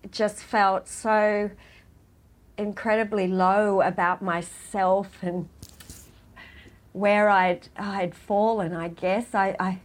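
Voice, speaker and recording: A middle-aged woman speaks as an interview guest, her voice sitting at an ordinary middle pitch. She talks in a heartfelt, halting way, often restarting her sentences. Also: fairly even intonation. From Australia. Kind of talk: emotional personal interview.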